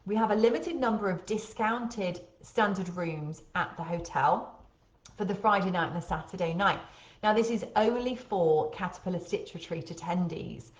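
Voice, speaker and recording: Chatty woman with a faint Birmingham lilt. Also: on the low side. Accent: light Birmingham. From Birmingham, England. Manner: chatty, many ums. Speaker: host. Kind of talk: casual live webinar. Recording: echoey room.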